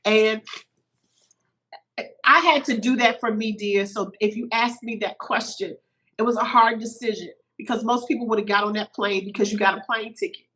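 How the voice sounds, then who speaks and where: A middle-aged woman, a podcast guest, telling a personal story in an animated way, a little teary-eyed. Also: a little high, normal speed, rough recording. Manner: animated, acts out quoted voices.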